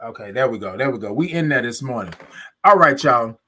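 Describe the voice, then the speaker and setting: A man's voice: medium pitch, expressive, a little fast, bright, forceful tone. A man with a Southern US accent hosting a casual live stream, cheerfully greeting viewers by name and stretching out his good mornings. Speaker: live show host.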